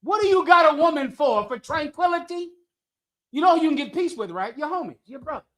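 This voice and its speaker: He speaks very high, expressive and brisk, with a fairly bright tone. Running a scripture class, the man preaches provocatively to a live chat in a brash, jokey way, piling on rhetorical questions and frequently cracking himself up.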